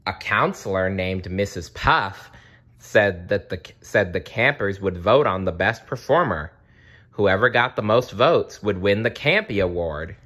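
A man reading a children's picture book aloud, expressive, with slips he corrects. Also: on the low side, a little slow. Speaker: storybook reader.

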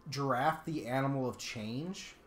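A woman with an extremely low voice co-hosts a let's play video, speaking a little slowly and casually teasing her partner with jokes. The recording has a roomy echo and a little hiss or hum.

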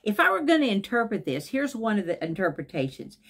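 A woman's voice: mid-range voice, sing-song, fairly quick, a bit bright. Enthusiastic woman preaching a devotional. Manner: enthusiastic, emphatic, repeats key phrases. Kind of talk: devotional sermon.

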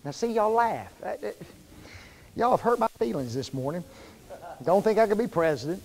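High-pitched guy preaching in church, folksy, keeps quizzing the crowd, lots of hall reverb. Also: expressive, moderate pace, a little mellow. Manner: conversational, quizzes the congregation with fill-in questions; folksy, informal wording. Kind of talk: sermon. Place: church sanctuary.

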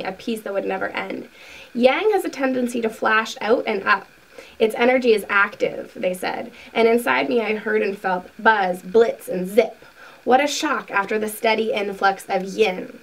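A woman hosting a spiritual video, reading a book passage aloud slowly and earnestly, then talking casually to her viewers. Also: medium pitch, gravelly, distant mic, poor audio. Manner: slow, soft, earnest reading with asides.

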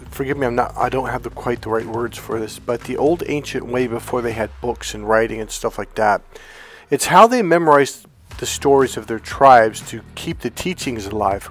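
Relaxed, rambling male coach. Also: medium pitch. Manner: rambling and conversational, with restarts and "okay?" check-ins; calm, relaxed, comfortable delivery. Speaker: self-help coach and channel host. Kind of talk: casual direct-to-camera talk.

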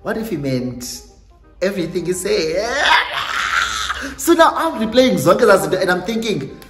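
A young South African woman telling a storytime on her vlog in a lively way, slipping Xhosa phrases into her English. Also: mid-range voice, moderate pace. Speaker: YouTuber. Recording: echoey room with faint music.

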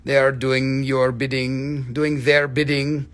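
A middle-aged man hosting a live-stream sale of rocks and minerals, talking in an excitable, hyping way and swearing freely. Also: mid-range voice, takes it slowly. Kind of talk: live-stream sales chat.

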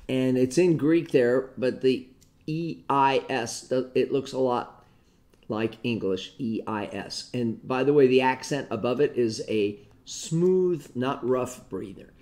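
A man teaching an informal Bible study lesson on Greek grammar, explaining step by step and muttering to himself as he hunts through a book. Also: medium pitch. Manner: rambling, talks to himself while hunting through a book.

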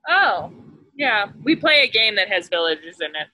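Woman pastor, kids' story time, lively, bright, dry close sound. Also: mid-range voice, normal speed, no room sound. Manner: animated, asking children questions. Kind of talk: reading a picture book to children. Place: church.

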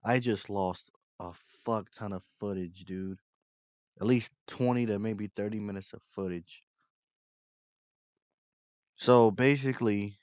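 A man's voice: fairly low pitch, a little mellow, no echo. A young man commentating his own gameplay, angry and frustrated, swearing constantly. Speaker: gaming channel host.

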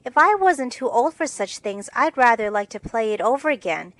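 A woman's voice: on the high side, animated, normal speed, a bit bright, pitched above the performer's own voice. A woman narrator voicing an eager, literal-minded young girl in a storybook.

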